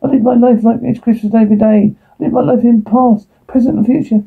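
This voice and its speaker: A man's voice: on the high side, animated, slow, vocal fry, slightly rough, exaggerated voice. An actor playing a panicked young man who is hiding and pleading frantically for his life. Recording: tinny lo-fi film audio.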